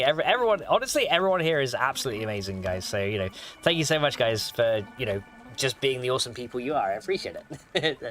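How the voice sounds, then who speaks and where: A man's voice: mid-range voice, fairly bright tone, a little hiss or hum. A man streaming a video game, chatting casually with viewers, reading their messages aloud with many restarts and fillers, and laughing often. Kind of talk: casual livestream chat. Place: home room.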